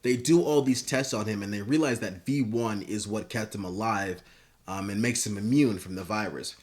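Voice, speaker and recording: A man's voice: fairly low pitch, normal speed. A young man giving a casual comedic commentary, rambling with lots of fillers and swearing, speaking into a home microphone. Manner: rambling, filler-heavy, profane. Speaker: YouTube commentator.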